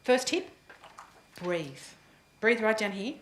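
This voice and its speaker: A woman coaching a room full of people in a live workshop, chatty and quick to laugh. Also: mid-range voice, slight background noise. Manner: lively, chatty, laughs easily. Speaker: presentation coach. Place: room with an audience. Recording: echoey room.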